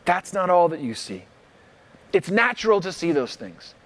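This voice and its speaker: A male pastor preaching a livestreamed sermon with no congregation present, acting out worried reactions and repeating key lines slowly for emphasis. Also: high-pitched, sing-song, a bit bright. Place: church, livestreamed without congregation.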